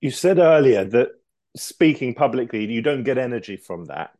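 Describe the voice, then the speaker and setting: A man hosts an interview and asks his guest careful questions. His voice has a middle pitch. He speaks in a measured, polite way. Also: very animated, warm tone.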